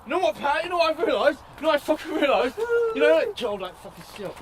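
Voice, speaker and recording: An actor playing a violent, raging young thug who swears and shouts manically. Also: male voice, extremely high pitch, big pitch swings, fast talker. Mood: furious. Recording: loud background noise.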